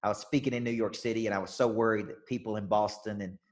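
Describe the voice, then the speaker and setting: A fast-talking life and business coach, his voice on the low side and steady, delivers an intense, upbeat pep talk in a Southern US accent on an online call. He repeats key phrases emphatically and keeps checking in with "okay?" and "right?"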